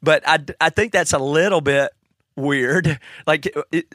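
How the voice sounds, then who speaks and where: A man with a Southern US accent, talking in casual conversation, opinionated and animated, laughing often. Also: on the high side, measured pace, dry recording. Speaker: conference guest.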